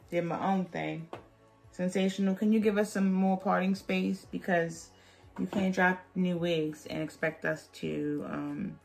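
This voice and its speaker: A woman's voice: lowish voice, creaky. A woman beauty vlogger chatting through a wig tutorial, sassy and playful, joking with her viewers as she works.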